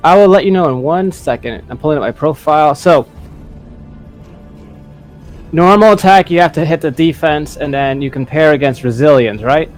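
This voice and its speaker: A man with a slightly high voice runs a tabletop role-playing session, chatting loosely about dice and rules, then slowing into dramatic narration. Faint music plays underneath the voice chat. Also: darkish tone. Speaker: game master.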